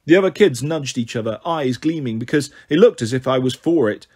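A man reading a children's novel aloud as a storyteller, in an even, measured way. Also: medium pitch, breathy edge.

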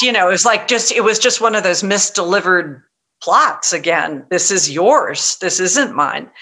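Middle-aged woman novelist chatting in an interview, bright lively voice, lots of restarts. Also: on the low side. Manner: animated, frequent restarts, quotes others in lively voice. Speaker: novelist guest. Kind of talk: conversational interview storytelling.

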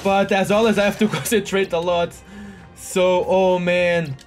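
A man giving live commentary on his own gameplay, excitable, often exclaiming and cursing at a hard boss fight. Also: high voice, unhurried. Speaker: gaming video host. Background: faint game music.

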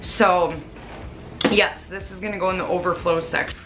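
A woman talks to herself as she cleans her kitchen, rambling and laughing at her own asides. Her voice sits on the low side and comes from a camera across an echoey room. Music plays clearly underneath. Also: fairly even intonation, moderate pace, far from the mic. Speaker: home cleaning vlogger. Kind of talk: casual chatty self-talk while cleaning. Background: background music.

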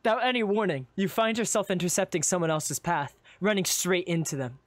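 A man narrating a live game roleplay in second person, with animated, flustered asides. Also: sits high, brisk, a little hiss or hum. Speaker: player and narrator.

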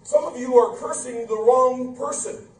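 A man's voice: very high voice, a little slow. A male pastor preaching a fervent, emphatic sermon full of rhetorical questions and humorous asides. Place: church sanctuary, indoors. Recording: echoey church from far off, faint room noise.

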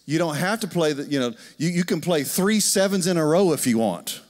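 A man's voice: a little high, a little fast. Man preaching in a reverberant hall. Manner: storytelling, animated, asks the congregation questions. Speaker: pastor. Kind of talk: conversational sermon. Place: church sanctuary.

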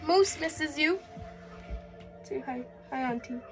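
A woman's voice: high-pitched, slow, music in the background. A woman recording a casual, affectionate birthday video message for a friend, chatty and slangy.

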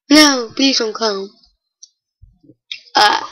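A woman giving casual, chatty commentary while playing a game, with excitable, startled exclamations. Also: on the high side, takes it slowly, pauses often, poor audio. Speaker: gamer.

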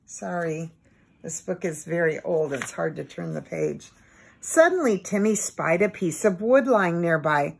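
A woman gently reading a children's book aloud in an expressive bedtime manner. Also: fairly low pitch, unhurried, vocal fry, breathy edge. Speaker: storybook reader.

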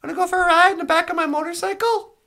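A man's voice: very high-pitched, steady tone, very fast, pushed and bright, heavily acted. A man voicing a cheerful, rambling male frog puppet who calls in to tell a joke, with lots of restarts and asides. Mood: joking. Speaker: caller telling a joke. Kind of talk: comedic call-in impression.

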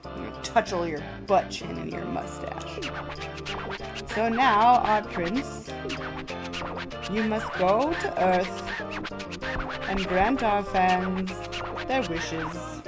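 Brief: woman doing a self-important, slow-talking cosmic king, lively pitch, game music under. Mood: grandiose. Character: pompous, grandiose cosmic king, male, slow and booming. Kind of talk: reading game dialogue aloud in a voice.

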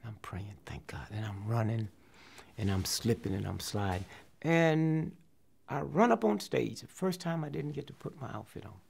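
Gravelly older man telling a story. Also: mid-range voice, normal speed, slight background noise. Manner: animated storyteller, acts out quotes, drops to hushed near-whispers. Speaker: comedian recalling his career. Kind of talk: storytelling interview.

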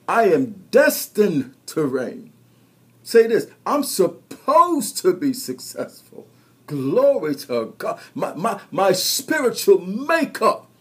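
A man's voice: fairly high pitch, breathy edge. A man preaching a sermon, exhorting his listeners and calling them to repeat after him. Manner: exhorting, call-and-response preaching. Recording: radio broadcast.

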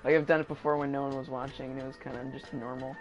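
A man's voice: mid-range voice, flat delivery, rapid-fire, dull audio, faint music behind. A young man rambling and joking as he comments on his gameplay. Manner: rambling, joking, self-mocking. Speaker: game streamer. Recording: game audio noise behind.

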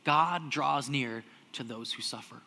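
A young adult man preaching a sermon as pastor, animated, swinging between loud acted-out outbursts and hushed, almost whispered lines. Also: mid-range voice, unhurried, gravelly.

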